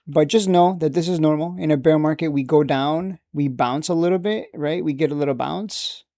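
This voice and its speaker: A man's voice: on the high side, moderate pace, warm tone, dry recording, studio quality. A man teaching a casual lesson on reading stock charts, talking conversationally and often asking "right?". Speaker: trading educator.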